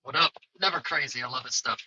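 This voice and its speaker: A man's voice: medium pitch, fast, pushed and bright, husky, dry recording, rough recording. A man from central Pennsylvania introducing himself as a real estate agent turned digital marketer, in an upbeat, plainspoken way. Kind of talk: casual self-introduction.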